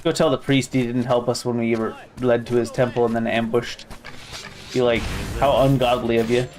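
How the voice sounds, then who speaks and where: A man's voice: mid-range voice, level tone, moderate pace, a little mellow, soft background music. A man streaming a game, commenting casually in a wry, profane way.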